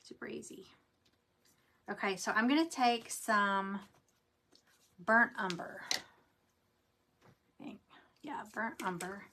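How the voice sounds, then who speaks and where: A woman's voice: mid-range voice, takes it slowly, pauses often, bright, forceful tone, a little hiss or hum. Chatty woman demoing crafts. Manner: chatty, rambling, talks to viewers. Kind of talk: casual craft demo livestream.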